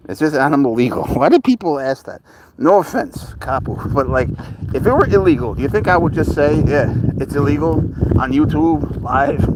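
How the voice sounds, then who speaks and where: A man's voice: a little high, background noise. Laid-back man chatting on a live stream. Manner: laid-back, chuckling, answers viewer questions. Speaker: livestream host with a pet serval. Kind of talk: casual live-stream chat reading comments.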